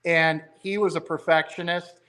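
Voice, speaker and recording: Higher-voiced man telling car-build stories. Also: level tone, normal speed, pushed and bright. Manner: enthusiastic storyteller, rambling. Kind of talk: casual chat.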